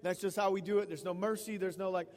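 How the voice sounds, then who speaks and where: A man in his thirties preaching an expository sermon in a conversational, emphatic way, often tossing in quick "right?" asides. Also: high voice, fairly even intonation, darkish tone. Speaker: pastor. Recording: long reverb of a large hall.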